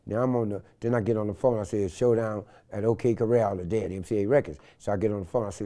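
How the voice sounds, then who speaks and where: A man's voice: lowish voice, fast, hardly any pauses. An older man, telling a wild story in an interview and acting out the voices in it. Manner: animated storyteller acting out quotes in loud shifts. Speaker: interview guest.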